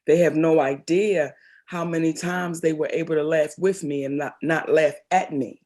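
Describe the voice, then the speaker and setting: A deep-voiced middle-aged woman from Baltimore, Maryland, who works as a comedian and actress, tells stories in an interview at a normal pace. She's expressive and animated, and she calls people "baby."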